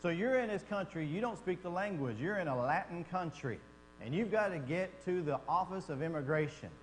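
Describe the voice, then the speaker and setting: A man teaches a church Bible class in a lively, conversational way, acting out little quotes along the way. His voice sits a bit high for a man. The sound rings with long reverb, as in a church hall, over a faint electrical hum. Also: brisk. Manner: conversational, animated, acts out quotes.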